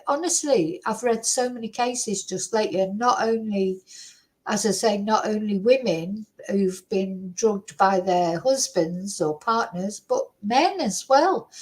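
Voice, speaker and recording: A woman with a fairly high voice talks loosely to her viewers from her computer. She rambles in a casual, chatty way, dropping tag questions at the ends of her sentences. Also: low-quality recording. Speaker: true crime channel host. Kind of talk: casual solo commentary to viewers. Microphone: computer microphone at a desk.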